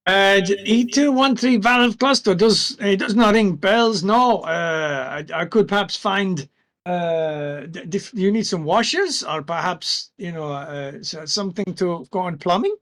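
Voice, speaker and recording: A man voicing a hesitant, polite male shopkeeper who speaks haltingly. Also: high voice, animated, fairly bright tone, pitched above the performer's own voice. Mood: unsure.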